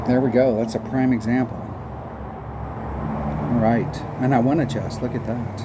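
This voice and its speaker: Humming bits of tunes, this man casually narrates a mobile golf game in a rambling, self-mocking way at a normal speed and mid-range pitch. Background noise is audible in the recording.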